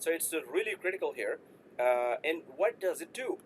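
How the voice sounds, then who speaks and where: A man's voice: fairly high pitch, expressive, fairly quick, slight background noise, low-quality recording. A man teaching a live online IT class, explaining with playful asides and jokes. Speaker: IT instructor.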